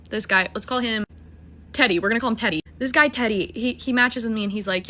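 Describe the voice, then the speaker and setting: A woman's voice: fairly high pitch, fast, sharp tone. A woman in her twenties, a musical theater student, telling a date story in a casual, self-mocking way with lots of swearing and acted-out dialogue. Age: 20s.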